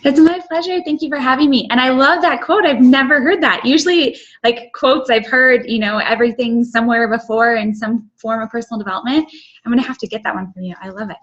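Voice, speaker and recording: A woman's voice: a little high, fairly quick, muffled recording. A woman guest speaker telling her personal story on a call, earnest and emotional. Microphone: video call.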